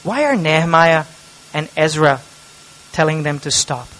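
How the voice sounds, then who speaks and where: A man with a high, light voice preaches a sermon. He moves from hushed, tender lines to loud, impassioned cries, with a steady preaching pulse. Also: measured pace, poor audio. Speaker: pastor.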